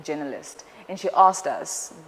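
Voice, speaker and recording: A woman's voice: low-pitched, unhurried. Chatty woman in a reverberant room. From Zimbabwe. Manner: chatty and playful, animated storytelling. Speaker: guest, news anchor. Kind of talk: casual interview chat. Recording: reverberant room with faint noise.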